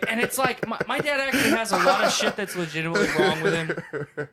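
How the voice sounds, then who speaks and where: A man's voice: high-pitched, lively intonation, fast talker, over a noisy crowd. A man co-hosting a podcast in casual chat, rambling through stories with heavy swearing. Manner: profane, rambling storytelling. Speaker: podcast co-host.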